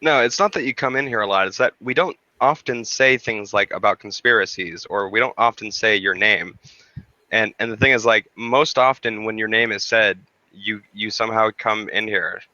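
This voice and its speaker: Bright-voiced man in rambling casual chat. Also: on the low side, normal speed, no echo, muffled recording. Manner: rambling, many fillers and restarts, swears casually.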